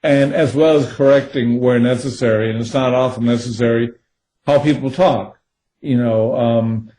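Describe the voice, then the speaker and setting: A man's voice: medium pitch, steady tone, normal speed, warm tone, a little hiss or hum, poor audio. A man, a thriller co-author, answering interview questions in a rambling way with many fillers.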